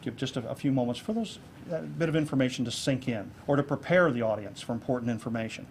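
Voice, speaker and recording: A man giving a keynote speech to a club audience on presentation skills, lively and jokey, acting out examples. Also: medium pitch, fast, a little hiss or hum. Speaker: keynote speaker. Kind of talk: public speaking talk on presentation skills. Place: club meeting room with an audience.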